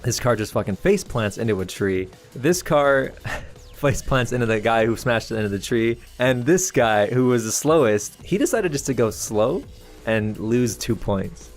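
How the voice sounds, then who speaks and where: Male game master, profane and laughing, mid pitch, faint music under the voice. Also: a little slow. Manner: laughing, profane, lively narration. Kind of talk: narrating a tabletop game.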